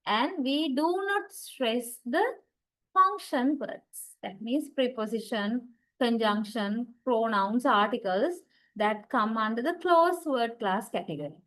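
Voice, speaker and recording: Patient woman lecturing, slightly high voice. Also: animated, slow, a bit bright, low-quality recording. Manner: patient, repeats key points, frequent "okay" and "right". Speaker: English linguistics lecturer. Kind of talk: online lecture.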